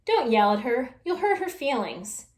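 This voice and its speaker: A woman's voice: very animated, measured pace, a little mellow. Woman doing a timid, jumpy younger sister. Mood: pleading. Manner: meek when agreeing, shrill when scared. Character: timid younger sister, meek and easily frightened. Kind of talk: storybook read-aloud. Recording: echoey room.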